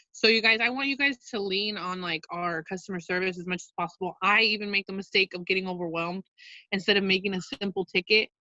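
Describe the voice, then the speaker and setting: A woman's voice: medium pitch, quick pace, sharp tone, no room sound. A woman leading a casual training talk for her sales team, chatty and upbeat, full of fillers and "you guys", heard over a video call. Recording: dull lo-fi video call audio.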